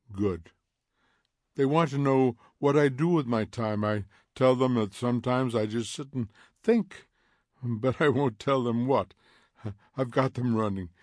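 A man voicing a curious, gently odd teenage girl who talks softly and stumbles over her words. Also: mid-range voice, dry recording, clean studio sound, close to an everyday voice.

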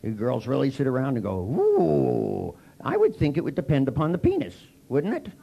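An older man with a gravelly voice, giving a comic storytelling lecture to a seminar audience and wryly acting out both sides of his dialogues. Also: medium pitch, sing-song, fast, warm tone, highs cut off. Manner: wry, mocking, acts out both sides of dialogues. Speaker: seminar speaker.

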